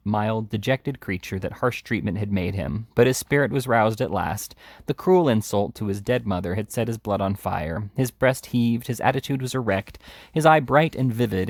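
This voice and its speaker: A man with a low voice reads a classic novel aloud at a steady, measured pace. The sound is close and dry, with no room around it. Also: no room sound. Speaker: hobby reader.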